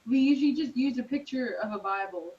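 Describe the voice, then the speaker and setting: A woman giving relaxed, helpful tips in a casual video call, pausing with "um". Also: on the high side, a crowd in the background. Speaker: team member helping a trainee. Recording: muffled, distant call audio with faint noise.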